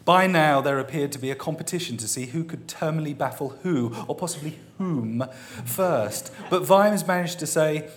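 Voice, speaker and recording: A man's voice: a little high, moderate pace, few pauses. A man reading a comic novel aloud, amused and often laughing as he reads. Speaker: reader.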